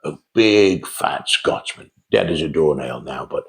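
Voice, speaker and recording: Older man, very low voice, chatty rambling storyteller, casual monologue. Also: expressive, unhurried, gravelly. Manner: chatty, rambling, anecdotal with restarts. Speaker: host telling sales stories.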